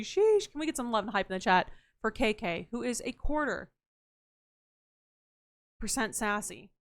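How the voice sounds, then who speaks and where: A woman's voice: on the high side, fairly bright tone, no room sound. A young woman streaming a game, chatting casually with her viewers in a playful, profane and self-mocking way. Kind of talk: casual live-stream chat, reading out chat messages.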